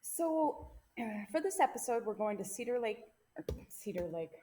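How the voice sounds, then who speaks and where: A woman's voice: on the high side, big pitch swings, moderate pace, dark tone, slight background noise. A woman co-hosting a casual podcast, presenting the case and teasing her co-host. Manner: playful, teasing, jokey. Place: small home podcast room.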